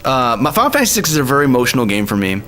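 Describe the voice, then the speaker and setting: Excitable man chatting over faint music. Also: medium pitch, rapid-fire. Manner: laughing often, excitable, slangy. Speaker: streamer. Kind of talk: casual live-stream chat over music. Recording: music playing faintly behind.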